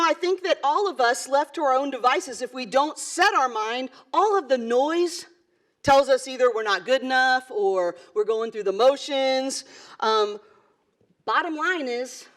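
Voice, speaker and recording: High-voiced woman giving an earnest talk. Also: a little slow, a bit bright. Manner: earnest, conversational, many fillers and asides. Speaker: basketball coach giving a talk. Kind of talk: motivational conference speech. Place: conference hall.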